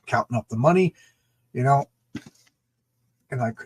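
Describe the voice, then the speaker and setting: A man co-hosting a comic book show, chatting excitably about a comic with many stammered restarts. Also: mid-range voice, a little slow, husky. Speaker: comic book podcast co-host. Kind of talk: casual comic review chat.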